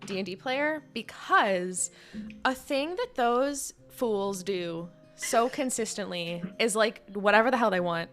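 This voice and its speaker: A woman's voice: medium pitch, lively intonation, a little slow, a bit bright, soft background music. A woman talking casually as a guest about role-playing games, rambling with many fillers and restarts. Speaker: podcast guest, D&D player. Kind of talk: casual chat.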